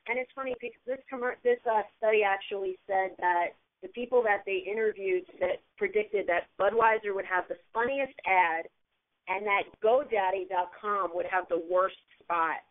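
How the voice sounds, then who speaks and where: A woman's voice: medium pitch, moderate pace, no room sound. Female sports radio co-host, chatty and upbeat, mid-range voice, dry and phone-narrow sound. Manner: chatty and enthusiastic, frequent restarts. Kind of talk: casual sports radio chat.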